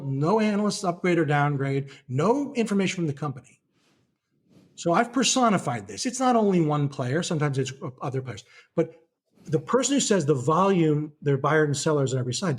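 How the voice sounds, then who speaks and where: A middle-aged man with a husky voice that sits a little high for a man. He speaks as a guest analyst in a casual podcast interview. He tells his points as lively stories and slips into the voices of the people in them. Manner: animated storyteller who acts out trading-desk dialogue.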